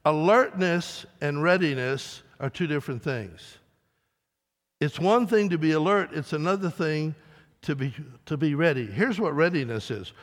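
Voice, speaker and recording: A man's voice: on the high side, moderate pace. Emphatic preacher man in echoing hall. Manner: emphatic preaching with dramatic rises and soft drops. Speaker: pastor. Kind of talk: sermon. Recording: long reverb of a large hall.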